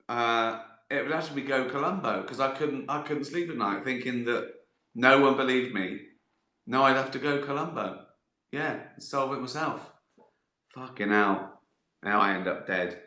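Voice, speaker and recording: Bright-voiced man in casual banter. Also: medium pitch, a little slow, long pauses, reverberant. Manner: swearing, self-mocking banter. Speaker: livestream host answering viewer questions. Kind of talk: casual chat. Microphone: phone.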